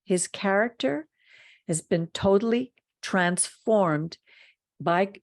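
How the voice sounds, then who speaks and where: A medium-pitched woman's voice, animated but slow, leads a Torah study talk with earnest emphasis. As the program's host she teaches and then offers a closing blessing, heard in clean studio sound with no echo.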